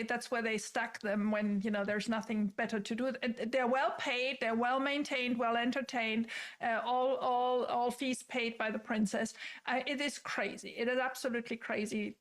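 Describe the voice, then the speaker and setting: A woman whose first language is French, giving animated opinions in a casual chat, repeating words and laughing often. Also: fairly high pitch. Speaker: guest commentator.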